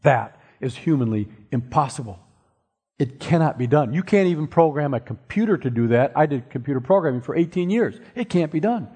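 A man's voice: fairly high pitch, lively intonation, a little fast, dark tone, husky. A middle-aged man giving a presentation, explaining ideas with everyday analogies and wry asides. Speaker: speaker. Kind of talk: presentation to an audience. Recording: long hall reverb.

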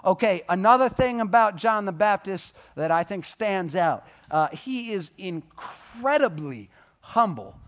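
A young man giving a casual sermon to high school students, full of fillers and acted-out quoted voices. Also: expressive, measured pace, fairly bright tone. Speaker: youth speaker.

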